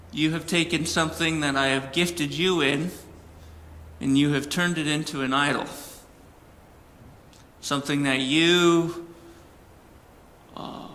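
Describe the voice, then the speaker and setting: A man voicing a hushed, firm divine voice. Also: a little high, in a large hall, slight background noise, full character voice.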